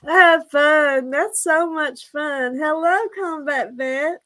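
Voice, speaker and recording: A woman, hosting a casual live stream, hoarse and breathless from laughing, chatty and a bit scattered. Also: high voice, takes it slowly, pushed and bright. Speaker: livestream host. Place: room at home.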